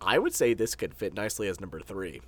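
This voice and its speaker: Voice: low-pitched, sing-song, fast talker, a bit bright. A podcast co-host on a video call, chatting casually in a teasing, jokey way and swearing freely. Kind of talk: casual chat.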